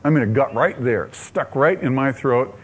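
A man preaching, telling his own story with animated delivery, acting out his inner dialogue and laughing often. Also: mid-range voice, normal speed, husky. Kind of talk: sermon testimony storytelling.

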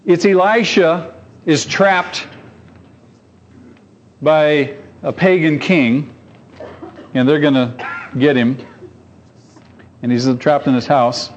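Slow and fairly high-pitched, with long pauses, a pastor delivers a sermon full of animated stories. He acts out characters' voices and poses rhetorical questions, captured on a dull, lo-fi recording.

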